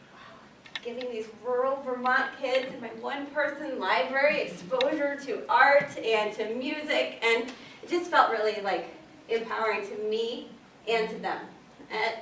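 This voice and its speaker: Woman, librarian, casual workshop talk, chatty with fillers, bright voice, echoey room, distant mic. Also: fairly high pitch, slight background noise. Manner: chatty, animated, lots of fillers like "um" and "like". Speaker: children's librarian presenting at a workshop. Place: meeting room at a public library.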